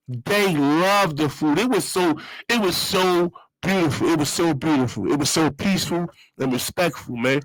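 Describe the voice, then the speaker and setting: Casting: man, raised-pitch voice, streetwise slang, repetitive casual storytelling, dry close mic. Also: fairly bright tone, no room sound, poor audio. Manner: streetwise slang, repeats phrases, loose storytelling. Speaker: show host. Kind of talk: casual monologue.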